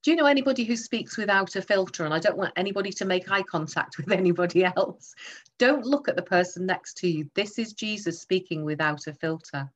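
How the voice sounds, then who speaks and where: A woman's voice: on the low side, fairly quick. A woman preaching a sermon, emphatic and teaching through rhetorical questions.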